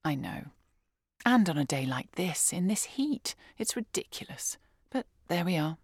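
Sad quiet mum in her fifties, low voice, hesitant and apologetic, woman reading her lines. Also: big pitch swings, unhurried, slightly rough, no room sound, studio quality, full character voice. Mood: sad, subdued. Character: fragile, sorrowful English mother, 56.

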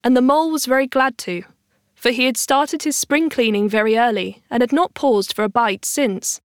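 A woman narrating a children's storybook aloud in a gentle, expressive way. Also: fairly high pitch, moderate pace, no room sound, studio quality.

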